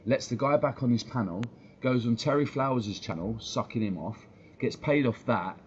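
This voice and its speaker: Male stream host, heated sweary rant, mid-pitched, dull lo-fi mic. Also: normal speed. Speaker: fan channel host. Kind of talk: ranting live-stream commentary. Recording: dull lo-fi stream audio with faint noise.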